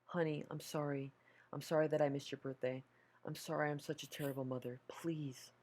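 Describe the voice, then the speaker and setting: A man voicing a tearful, pleading mother at a door, in a raised, softened voice while reading a horror story aloud. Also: fairly even intonation, moderate pace, breathy edge. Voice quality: soft, higher pleading tone.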